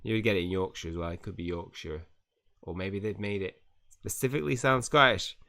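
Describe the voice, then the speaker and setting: A man's voice: deep voice, fairly quick, a bit bright. A man with a Bristol English accent, chatting casually while playing a mobile game. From England. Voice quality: chatty, thinking aloud. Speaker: gaming YouTuber.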